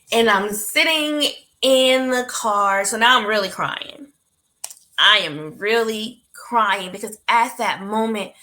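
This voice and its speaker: Woman, talk show host, bright forceful voice, animated, heartfelt, motivational storytelling. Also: mid-range voice. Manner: animated and heartfelt, speaks to listeners directly.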